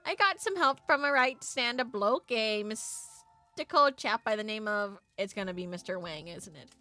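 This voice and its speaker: A woman's voice: mid-range voice, expressive, normal speed, sharp tone, no room sound, soft background music. A woman putting on a rambling builder man. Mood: chummy. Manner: rambling, flustered dialect storytelling. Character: bumbling middle-aged male ghost-raising builder. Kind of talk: voicing game dialogue for stream.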